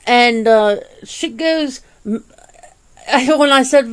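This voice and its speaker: A woman hosting a casual, soft-spoken ASMR chat, rambling along with easy swearing and frequent laughs, close to the mic. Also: fairly high pitch, drawn-out words, smooth. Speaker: ASMR channel host.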